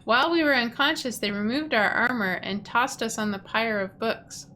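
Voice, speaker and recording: A woman's voice: a little high, normal speed, pushed and bright, slight background noise. A woman reading aloud the lines of a crusader survivor from a video game, in an earnest read-aloud way. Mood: urgent.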